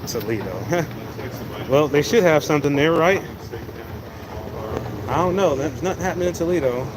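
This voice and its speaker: This man hosts a laid-back livestream, wandering a large indoor space and talking loosely to viewers through his phone's microphone. His pitch runs a little high, his intonation is lively, and his pace is normal. There's plenty of venue noise in the background.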